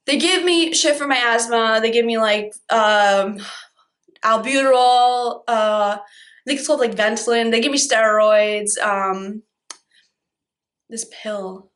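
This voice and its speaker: A woman's voice: fairly high pitch, unhurried, a bit bright. A young woman telling a dramatic, profane storytime vlog, laughing as she goes. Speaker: vlogger.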